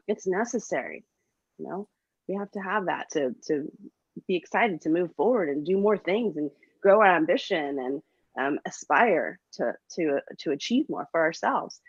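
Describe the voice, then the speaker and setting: Middle-aged mom co-host, upbeat pep talk, lowish voice, kinda muffled. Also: female voice, no room sound. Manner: upbeat, encouraging, many fillers. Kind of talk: casual motivational chat. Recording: dull dry lo-fi sound.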